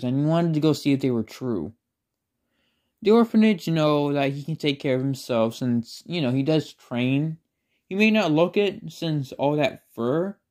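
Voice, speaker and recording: A man's voice: on the high side, darkish tone. A man casually telling a made-up fan story, rambling with lots of filler words and self-conscious asides.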